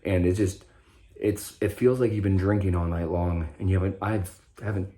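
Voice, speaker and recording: A man's voice: deep voice, steady tone, moderate pace, mellow. A young man from Nebraska telling his own story in a rambling, profane, stop-start way, full of restarts. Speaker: vlogger sharing recovery story. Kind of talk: unscripted personal monologue.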